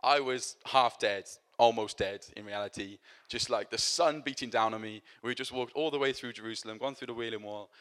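A man delivering a sermon to his church. He speaks in an easygoing, conversational way, often pausing on fillers and restarting his sentences. His voice sits at an ordinary middle pitch. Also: a bit bright. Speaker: preacher.

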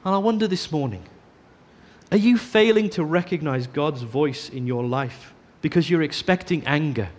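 A man preaching a sermon, earnest, often dropping to a soft hush on key phrases. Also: a little high, lively intonation, moderate pace.

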